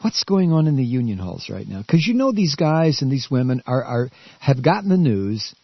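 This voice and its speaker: A male radio talk host giving an angry political rant, stammering and repeating himself, with shouted outbursts. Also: mid-range voice, sing-song, moderate pace, vocal fry, breathy edge, dry recording, muffled recording.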